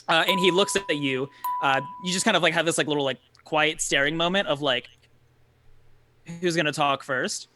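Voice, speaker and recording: A man's voice: on the high side, moderate pace, long pauses, background noise. A man narrating a tabletop game as game master, rambling with lots of filler words.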